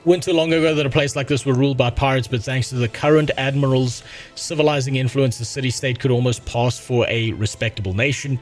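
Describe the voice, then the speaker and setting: A man reading aloud plays a gruff, folksy sailor. He draws out the words in a put-on drawl at an ordinary middle pitch, and soft music plays faintly in the background. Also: fairly even intonation, fast, lightly acted. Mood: storytelling.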